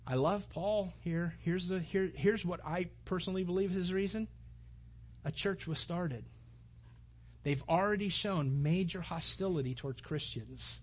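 Husky, animated male preacher. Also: sits high, unhurried. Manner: animated, acts out the story's dialogue. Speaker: pastor. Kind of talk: sermon.

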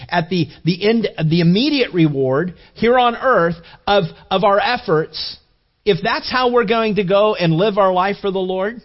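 A middle-aged man preaching a sermon in a conversational way, often repeating and restarting words and moving between hushed and raised passages. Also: high-pitched, dull audio. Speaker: pastor.

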